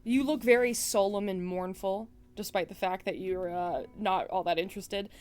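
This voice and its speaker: A woman's voice: mid-range voice, fairly even intonation, moderate pace, a little mellow. A woman running a tabletop game, narrating in a casual way that is full of fillers. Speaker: game master.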